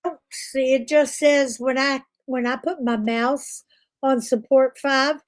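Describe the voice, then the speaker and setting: A woman with a high voice speaks plainly on a casual livestream, sounding a little puzzled. Her sound is dry and close. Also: steady tone, slow, no room sound. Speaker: sign language interpreter on the stream.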